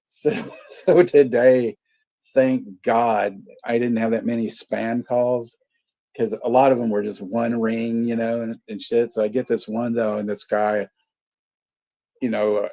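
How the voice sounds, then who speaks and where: A man's voice: lowish voice, mellow. A man hosting a movie watch party stream, chatting casually, rambling, swearing a lot and laughing often. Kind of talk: casual livestream chat.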